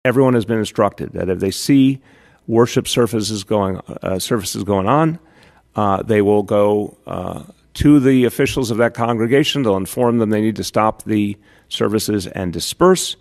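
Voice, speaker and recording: A man giving an official press statement in a measured way, pausing with "uh". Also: lowish voice, gravelly, a little mellow. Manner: measured, with "uh" pauses. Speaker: politician.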